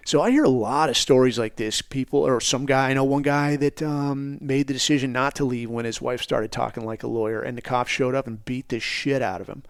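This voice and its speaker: A man's voice: mid-range voice, moderate pace, no echo, clean studio sound. A middle-aged man from the United States, telling personal stories in a blunt, profane, rambling way. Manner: profane, blunt, rambling, says "dude" a lot. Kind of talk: casual storytelling.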